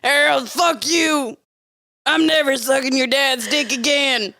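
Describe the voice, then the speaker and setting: A woman voicing Becky, a fed-up wife who shouts at her husband. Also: high voice, unhurried, no room sound, clean studio sound, exaggerated voice. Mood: yelling.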